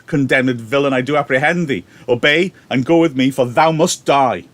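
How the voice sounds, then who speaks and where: A man's voice: mid-range voice, normal speed, close to an everyday voice. A man reading the part of a proud young nobleman, angry and accusing, in theatrical verse. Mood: indignant.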